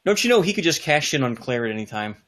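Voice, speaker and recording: A man's voice: fairly high pitch, very animated, quick pace, a bit bright. A man in casual chat, cracking crude, sarcastic jokes.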